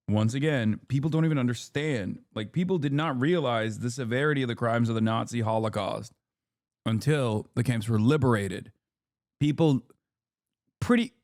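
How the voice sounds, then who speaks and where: A man in his thirties streaming, reacting to a video with heated, sarcastic, rapid commentary full of rhetorical questions. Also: medium pitch, a little mellow, no echo, clean studio sound.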